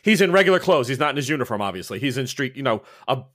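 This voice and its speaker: A man's voice: medium pitch, sing-song, racing, a bit bright. Laid-back male game master. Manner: casual, laughing, rambling asides. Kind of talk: narrating a tabletop game.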